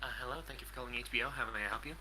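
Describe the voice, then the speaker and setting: A man's voice: medium pitch, steady tone, rapid-fire, sharp tone, slight background noise, rough recording. A man putting on a voice as a smug male customer service manager who mocks the caller. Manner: smug, teasing.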